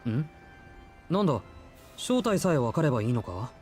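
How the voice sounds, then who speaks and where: An actor voicing a calm, laconic young man in a visual novel, speaking in a low-key, matter-of-fact way. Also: fast, faint music behind, close to an everyday voice. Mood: puzzled.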